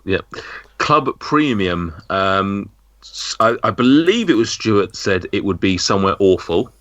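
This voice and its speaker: A man with a northern English accent hosts a podcast quiz in casual chat, halting with ums and restarts. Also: on the low side, big pitch swings, a bit bright, dry recording. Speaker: podcast host running a quiz. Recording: dull lo-fi sound.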